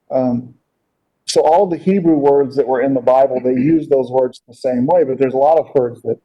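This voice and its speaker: A man teaching a casual Bible class, talking in a halting way with many fillers and repeated words, on a dull lo-fi recording. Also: medium pitch.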